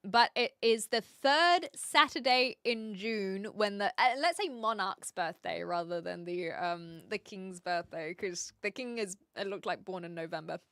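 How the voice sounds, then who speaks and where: A woman's voice: mid-range voice, measured pace, few pauses, fairly bright tone, clean tone, no echo, studio quality. A young woman from New Zealand with a Kiwi accent, chatting casually with her live-stream viewers and reading out their comments, with lots of fillers. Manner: chatty, reads chat aloud, many fillers.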